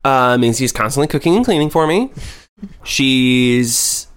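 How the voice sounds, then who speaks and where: A man's voice: medium pitch, lively intonation, unhurried, clean tone. Podcast co-host, man in his 30s, rambling joker, mid-range voice. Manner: rambling, joking, full of fillers. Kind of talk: casual chat.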